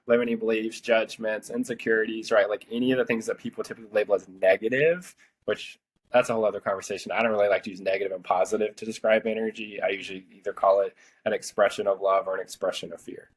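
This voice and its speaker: Chatty man with a low, husky voice. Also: flat delivery, fast talker. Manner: chatty, rambling, heavy use of "like". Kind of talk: casual storytelling conversation.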